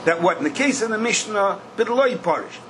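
A man's voice: high voice, animated, normal speed, a crowd in the background, rough recording. An older man teaching a Talmud class, questioning in a singsong and punching key points with bursts of emphasis. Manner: questioning singsong, bursts of emphasis, Yiddish-style Hebrew terms.

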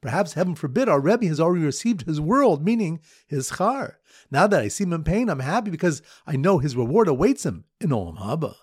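A man gives a daily Talmud lesson, telling playful memory stories and quizzing his listeners. His voice sits fairly high and swings widely in pitch with a husky, breathy edge. The sound is dry and close, with no room echo. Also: a little fast. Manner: lively storyteller who repeats his memory stories. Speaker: Talmud teacher.

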